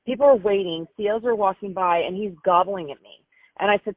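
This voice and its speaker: A grieving mother telling stories about her son in a halting, emotional way, often repeating herself. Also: medium pitch, no room sound. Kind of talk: phone interview storytelling. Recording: tinny phone line, dry.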